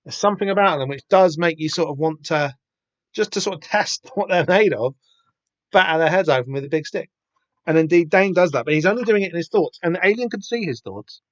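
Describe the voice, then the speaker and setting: Rambling man with a slightly high voice. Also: lively intonation, a little fast, dry recording. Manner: rambling, many fillers and restarts. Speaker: podcast host. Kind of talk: casual comic commentary. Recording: dull lo-fi sound.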